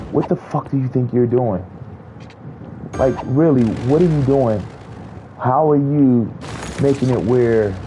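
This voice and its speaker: A man's voice: medium pitch, mellow, muffled recording, a little hiss or hum. A man streaming a game while he rants in casual commentary, blunt, heated and full of swearing.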